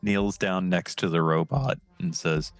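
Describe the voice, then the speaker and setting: A man playing a tabletop role-playing game, describing his character's actions in a gravelly voice. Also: low voice, expressive, a little slow, no echo, faint music behind. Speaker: player.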